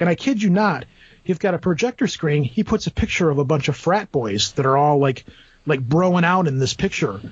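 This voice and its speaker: A man's voice: a little high, moderate pace, no room sound, highs cut off. Rambling man telling a story. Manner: rambling, animated anecdote with quoted asides. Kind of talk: casual storytelling.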